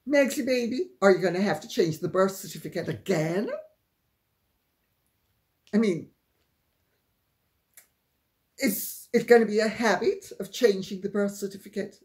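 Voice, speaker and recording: A woman's voice: medium pitch, normal speed, long pauses, darkish tone. A woman giving casual royal commentary in a sardonic, mocking manner.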